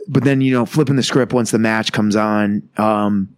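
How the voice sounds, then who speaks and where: A man's voice: on the low side, steady tone, normal speed, smooth, no room sound, studio quality. A man in his thirties, a pro wrestler, telling a rambling, profane story in a casual interview and acting out the quotes.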